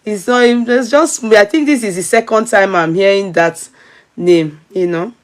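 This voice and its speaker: A woman's voice: medium pitch, unhurried. A woman with a Nigerian accent hosting casual commentary, chatty and switching into Yoruba phrases. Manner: chatty, mixes in Yoruba, frequent laughter.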